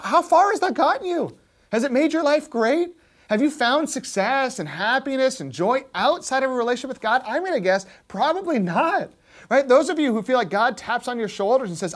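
A pastor giving a conversational sermon, often checking in with his listeners and dropping quiet and slow on key points. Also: very high-pitched, expressive. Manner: keeps asking "right?" to the listeners; drops soft and slow on key points, rises sharply when stirred.

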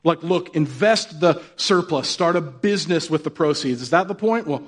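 A man's voice: on the high side, lively intonation, moderate pace. Casual joking male preacher. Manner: casual and joking, asks the audience questions. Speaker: pastor. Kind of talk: conversational sermon.

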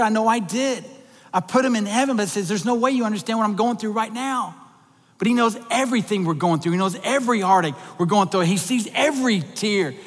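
High-voiced man preaching in a reverberant hall. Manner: animated, rising to excited emphasis. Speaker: minister on staff. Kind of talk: sermon.

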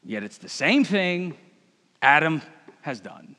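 Male pastor, relaxed sermon with wry jokes, high voice, reverberant hall. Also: slow, pauses often. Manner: conversational, joking asides.

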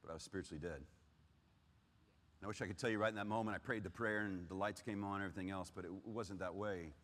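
A man with a fairly low voice tells his personal testimony in a large hall, and his words ring out with a long reverb. He swings between loud urgency and hushed, heavy pauses. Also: fairly even intonation. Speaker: speaker giving testimony.

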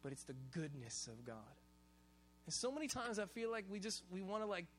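A man from Hawaii preaching a sermon in a casual, animated, conversational way, full of slang. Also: sits high, brisk, soft background music. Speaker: pastor.

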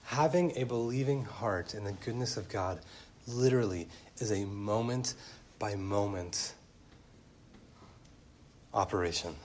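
A man in his thirties preaching a sermon as pastor, animated, speeding up and slowing down and rising to loud emphatic peaks. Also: lowish voice, slight background noise. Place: church.

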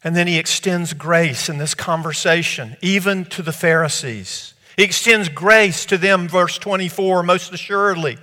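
A man delivers a sermon in a high, bright voice. He reads scripture softly, then bursts into loud, excited storytelling. A long reverb trails his words. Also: unhurried, few pauses. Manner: animated, swings from hushed scripture reading to loud excited storytelling. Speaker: preacher.

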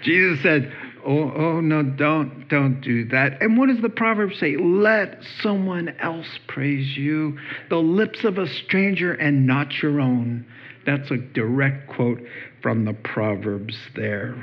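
Male pastor, unhurried and jokey, acts out voices in his anecdotes; dull lo-fi recording. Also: a little high. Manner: conversational, joking, acts out quoted voices. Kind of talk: sermon.

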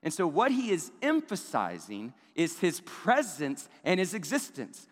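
A male pastor preaching a sermon, moving from casual asides to loud, emphatic peaks. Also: a little high, wildly swooping pitch, unhurried, few pauses. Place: large church hall. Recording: long hall reverb.

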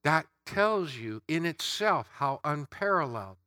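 A man's voice: on the high side, sing-song, measured pace, pushed and bright, no echo, clean studio sound. A man preaching an Easter sermon, emphatic, building through repeated phrases.

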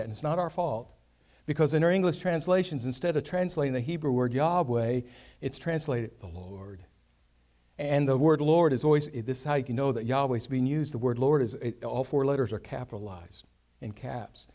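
A man's voice: mid-range voice, mellow. A man giving an earnest, conversational Bible teaching with vivid everyday examples. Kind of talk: sermon.

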